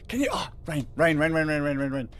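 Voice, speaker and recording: A man's voice: a little high, fairly bright tone. A man hosting a livestream in casual, rambling chat, swearing freely and laughing often. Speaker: livestream host.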